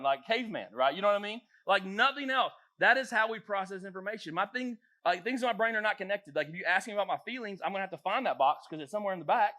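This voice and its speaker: Youth pastor, male, quick and bright; playful, animated delivery. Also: high voice. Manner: jokey, animated, acts out voices. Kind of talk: casual talk to teens. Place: church youth room.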